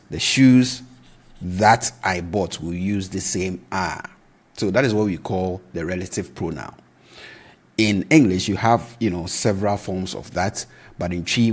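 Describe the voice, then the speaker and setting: A man with a very deep, husky voice teaches a language lesson. He speaks slowly and patiently. He repeats each word to show how it is pronounced and keeps asking "right?" to check the listener is following. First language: Twi. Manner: patient, repeats words slowly for pronunciation, often asks "right?".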